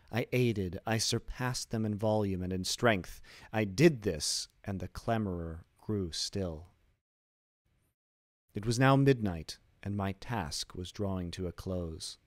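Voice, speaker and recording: A man narrating a classic tale in a low voice, unhurried and deliberate, lingering over each phrase. The sound is dry and close, with no room around it. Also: dry recording. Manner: slow, measured, deliberate delivery. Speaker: streamer reading classic literature. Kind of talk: dramatic reading of a classic story.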